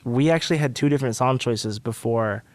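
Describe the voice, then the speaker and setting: A man telling a story as a podcast guest, animated and acting out quotes with big jumps in pitch. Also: fairly quick, no echo. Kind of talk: casual storytelling.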